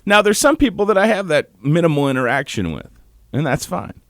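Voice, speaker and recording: A male radio host on his morning show, talking in a halting way and holding back tears, with pauses and restarts. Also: on the high side, very animated, fairly bright tone, dry recording, clean studio sound. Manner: halting, choked up, pausing often. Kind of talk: on-air morning show tribute. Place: radio studio.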